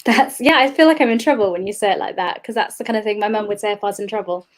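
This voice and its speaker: A young woman guest talking casually in an interview. Her voice sits at an ordinary middle pitch. She rambles cheerfully, laughs a lot and leans on fillers. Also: racing. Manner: chatty, laughs often, many fillers. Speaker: guest, games industry administrator.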